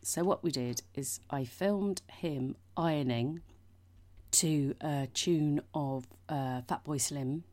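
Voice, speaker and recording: A woman's voice: low-pitched, takes it slowly, dark tone. A woman in her forties, hosting a podcast and telling rambling, sweary anecdotes with lots of asides. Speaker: podcast host. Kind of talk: casual chat.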